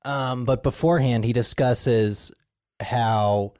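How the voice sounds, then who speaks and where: A man co-hosting a casual podcast, reading passages aloud from a book and making crude deadpan jokes. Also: mid-range voice, slow, no room sound, studio quality. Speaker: podcast co-host.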